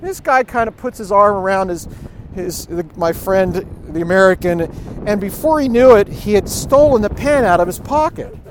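Brief: middle-aged male preacher, high voice, chatty storytelling delivery, faint outdoor noise behind. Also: expressive, normal speed. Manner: conversational, storytelling, chuckling asides. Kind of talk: informal sermon.

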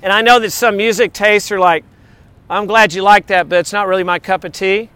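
A middle-aged man preaching with a high, clear, smooth voice and a lively delivery that now and then slips into singing worship lyrics. The sound is dry and close to the mic, with faint vehicle noise underneath. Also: fairly quick, no echo. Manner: animated, sings along and speaks lyrics. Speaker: pastor. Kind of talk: sermon with sung worship lyrics.

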